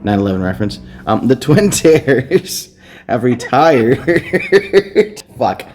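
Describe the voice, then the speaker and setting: A man's voice: mid-range voice, very animated, slow, heavy background noise. A man hosting a podcast, recapping a children's book in a casual, crude, rambling way, swearing freely. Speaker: podcast host.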